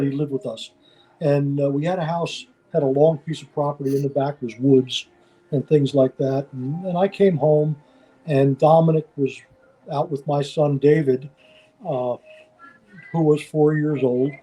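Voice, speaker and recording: Halting man recalling old days. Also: on the high side, mellow, rough recording. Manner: halting, measured, many fillers. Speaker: guest. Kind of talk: casual reminiscing chat.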